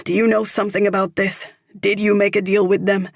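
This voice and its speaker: A woman's voice: sits low, fairly even intonation, a little slow, husky, no echo, clean studio sound, exaggerated voice. A woman reading the lines of a frightened, wounded man in an audiobook, terse and anxious.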